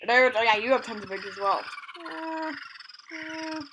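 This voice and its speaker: A woman hosting a let's play, giving excitable commentary and gushing over cute animals. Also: high-pitched, a little slow, noisy background. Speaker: gaming channel host.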